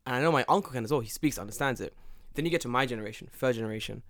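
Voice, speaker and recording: A man's voice: mid-range voice, very fast, dry recording. Guy from the uk chatting, jumpy and loose, lots of stop-starts, dry close sound. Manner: animated, swearing, many restarts. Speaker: podcast co-host. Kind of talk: casual chat.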